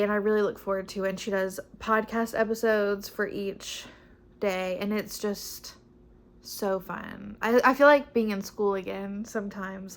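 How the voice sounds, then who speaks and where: A young woman chatting casually about her books, upbeat and rambling, often restarting her sentences. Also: medium pitch. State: pregnant. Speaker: book vlogger. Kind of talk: casual chat.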